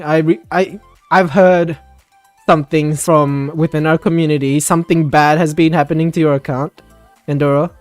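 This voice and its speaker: A man's voice: on the high side, no room sound. A man hosting a casual voice chat, ranting with plenty of swearing and laughter.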